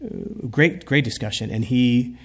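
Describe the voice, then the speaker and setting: Husky-voiced man preaching earnestly. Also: mid-range voice, measured pace, fairly bright tone. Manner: earnest, heartfelt storytelling. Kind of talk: sermon storytelling.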